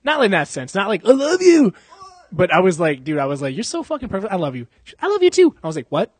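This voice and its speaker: A man's voice: sits high, big pitch swings, fast talker, husky. A young man on a podcast, casually telling a story in a loose, profane way and laughing often. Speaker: podcast co-host. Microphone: podcast microphone.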